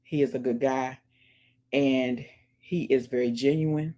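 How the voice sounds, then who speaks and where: A woman vlogger in casual chat, giving emphatic shout-outs and calling her viewers "y'all" while she listens to music in her earphones. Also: a bass voice, steady tone, unhurried. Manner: chatty and emphatic, keeps addressing viewers as y'all; preachy, urges viewers to pray and support others. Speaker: vlogger, channel host. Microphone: earphones in, listening to music while talking.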